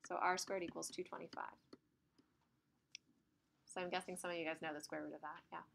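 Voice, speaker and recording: A woman's voice: on the low side, flat delivery, fairly quick, vocal fry, a bit bright, a little hiss or hum. A woman teaching an algebra lesson in a classroom, chatty and laughing as she tells stories. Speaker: math teacher. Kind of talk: classroom lecture.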